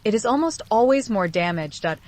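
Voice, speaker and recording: Speaking fairly quickly in a mid-range voice, a woman who hosts relationship psychology videos reads a scripted self-help segment on relationships. Her tone stays calm and sincere as she talks straight to the listener.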